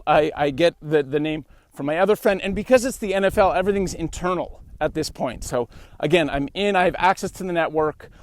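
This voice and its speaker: Upbeat young Canadian man, higher voice. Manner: animated, acts out quoted dialogue. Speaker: podcast host. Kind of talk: casual storytelling monologue.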